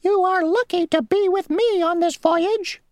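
Squeaky little mosquito guy ferrying folks, bossy about rules and braggy, slow and stretched out, very high, a lady doing him. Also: a little mellow, no room sound, clean studio sound. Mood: boastful. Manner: squeaky, stern, drawn-out pronouncements. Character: tiny fussy male mosquito ferryman, rule-bound, boastful. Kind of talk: storybook reading.

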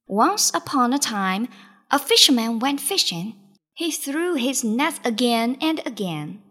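A woman reading a children's storybook aloud, in a slow, lively, expressive way. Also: a little high. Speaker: storybook reader.

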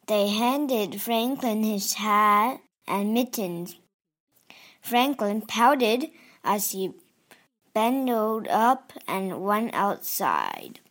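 A woman reading a children's picture book aloud in an expressive, deliberate way. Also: medium pitch. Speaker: storybook reader.

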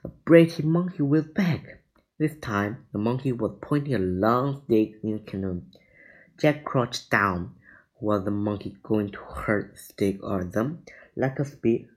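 Slow man reading a children's book. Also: lowish voice, poor audio. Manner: slow, deliberate reading with small slips. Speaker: reader.

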